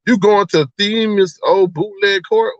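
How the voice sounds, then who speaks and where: A man with a high voice hosts a casual livestream in a teasing, gossipy tone, greeting his viewers one at a time. He laughs often and slips into exaggerated outbursts. The sound is dry and a little dull, like a lo-fi webcam mic. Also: a little slow, dry recording. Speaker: livestream host.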